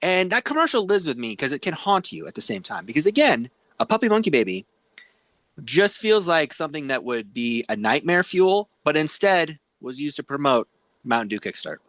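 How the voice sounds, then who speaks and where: Animated man telling a story. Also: a little high, moderate pace, no room sound. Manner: animated storytelling with playful exaggeration. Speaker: podcast co-host. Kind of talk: casual chat.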